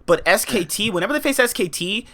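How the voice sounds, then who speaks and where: A young man co-hosting a podcast, giving animated, teasing opinions in casual esports chat. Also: sits high, fast. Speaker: podcast co-host.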